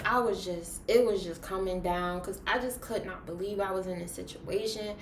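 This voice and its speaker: A young woman tells a story to her viewers in a loose, casual way. Her voice sits at an ordinary middle pitch and swings between hushed asides and loud, dramatic bursts. The room gives her voice a noticeable echo, with faint ambient noise underneath. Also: a little fast, hardly any pauses. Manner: animated, dramatic retelling with big swings in loudness. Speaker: vlogger. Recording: roomy echo.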